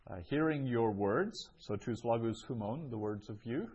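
A man's voice: mid-range voice, normal speed, a little mellow, muffled recording, a little hiss or hum. A man teaching a language lesson, reading each phrase twice before translating it, with frequent ums. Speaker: Greek teacher. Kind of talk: slow explanatory language lesson.

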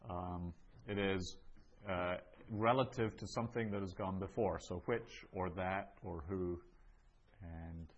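A man with a deep, steady voice teaches a Greek language lesson in a classroom, speaking slowly. He patiently repeats each phrase and explains it step by step, and the sound is lo-fi.

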